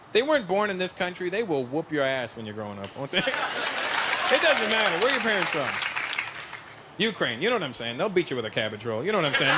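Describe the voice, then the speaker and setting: A man performing a stand-up comedy set, telling stories with lively delivery and putting on voices. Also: high voice. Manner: animated storytelling, doing voices of parents and strangers. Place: large venue with a laughing audience. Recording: live show with loud crowd laughter and noise.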